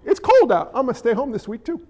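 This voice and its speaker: A man voicing a grumbling churchgoer who mutters excuses for staying home from church, in a lower, quieter and quicker voice than his own. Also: very animated, in a large hall, highs cut off, heavily acted.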